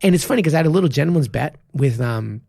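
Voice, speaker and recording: A male martial arts coach chats on a podcast, emphatic and profane as he breaks down a fight. His voice is deeply gravelly and husky. The sound is dry and close, with no room echo. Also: expressive, racing, mellow. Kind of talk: casual podcast chat.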